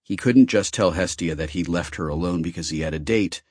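A man's voice: low-pitched, a little fast, a little mellow, slightly rough, no echo, studio quality. A man narrating a novel as an audiobook, reading expressively.

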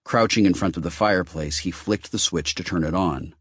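A man's voice: sits low, fairly quick, slightly rough, no echo, clean studio sound. A man narrating a novel as an audiobook, reading expressively.

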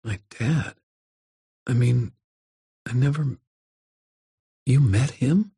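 A man voicing a frightened young boy who stammers and speaks quietly in an audiobook. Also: mid-range voice, fairly even intonation, normal speed, creaky, breathy edge, no echo, studio quality, pitched above the performer's own voice. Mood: hesitant. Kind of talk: audiobook character voice.

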